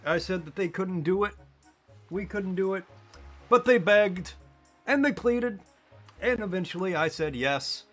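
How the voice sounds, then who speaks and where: A man's voice: high voice, lively intonation, a bit bright, soft background music, pitched above the performer's own voice. A man doing a comic impression of a boastful, blustering male politician. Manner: boastful, drawn-out bragging.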